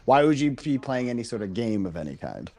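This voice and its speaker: A man's voice: mid-range voice, sing-song, a little fast, warm tone. A man hosting a casual podcast with friends, joking around and swearing freely. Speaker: podcast host. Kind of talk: casual banter among friends.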